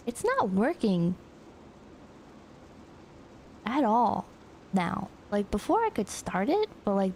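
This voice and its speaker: Mellow, gravelly-voiced woman streamer. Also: mid-range voice, slight background noise. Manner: rambling, animated retelling with frequent swearing. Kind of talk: casual storytelling chat.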